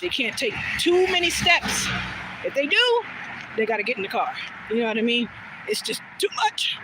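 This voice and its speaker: Chatty high-voiced woman telling stories outdoors. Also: very animated, moderate pace. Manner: chatty, swears casually, acts out quoted voices. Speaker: vlogger. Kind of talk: casual storytelling while walking. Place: outdoors on a walking trail. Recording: outdoor noise behind voice.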